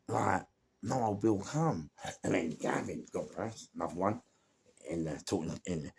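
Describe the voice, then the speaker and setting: A man with a London accent telling a story in a casual, animated way, swearing freely and throwing in sound words and laughs. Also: deep voice, vocal fry, slightly rough. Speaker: former gangster telling his story.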